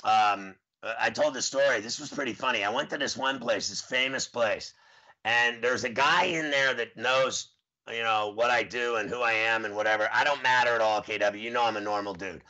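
A man's voice: mid-range voice, normal speed. A man in his forties hosting a show in casual chat, telling rambling stories and acting out what people said. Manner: rambling, animated storyteller who acts out quotes. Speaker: podcast host. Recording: dull lo-fi audio.

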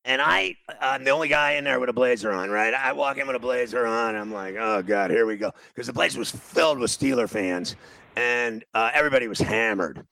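A man's voice: medium pitch, brisk, vocal fry, sharp tone, dry recording, rough recording. A middle-aged man from New City, telling a casual anecdote and acting out the quoted dialogue. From New York City.

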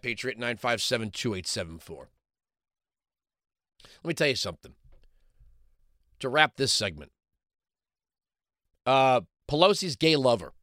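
A man's voice: mid-range voice, pushed and bright, dry recording, studio quality. A man hosting a political talk show, delivering a combative, sarcastic commentary monologue.

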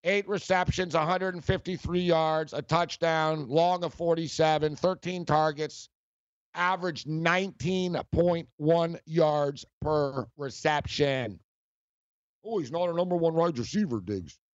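A man's voice: a little high, a little slow, smooth, no room sound, muffled recording. A man hosting a sports talk show, ranting in a heated, mocking way and often repeating himself.

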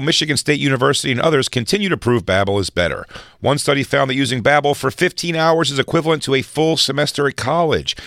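A man's voice: mid-range voice, fairly bright tone, no room sound, studio quality. A man hosting a comedy podcast, reading sponsor ads and joking around. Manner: playful, joking, quick to riff. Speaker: podcast host. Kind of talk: casual comedy podcast banter and sponsor reads.

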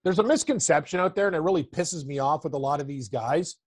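A man from Toronto chatting casually about hockey, blunt, excitable and quick to joke. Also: on the high side, slightly rough, no room sound, studio quality. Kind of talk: casual sports chat.

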